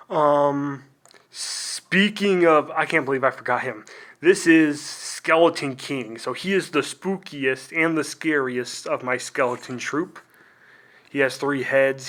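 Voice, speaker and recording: A man's voice: medium pitch, fairly bright tone. A young man talking casually to the camera, rambling and self-deprecating, with lots of "like" and trailing asides. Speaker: video host. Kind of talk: casual unboxing vlog.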